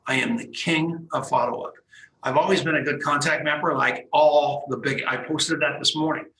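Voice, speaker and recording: Gravelly, bright-voiced male radio host. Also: on the high side, normal speed, roomy sound, a little hiss or hum, rough recording. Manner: excited, animated storyteller who acts out dialogue. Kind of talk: energetic radio talk and storytelling.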